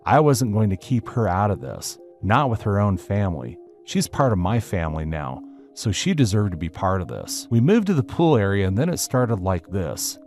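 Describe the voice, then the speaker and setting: A man narrating a first-person story aloud with a steady storytelling delivery. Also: fairly low pitch, normal speed. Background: faint music.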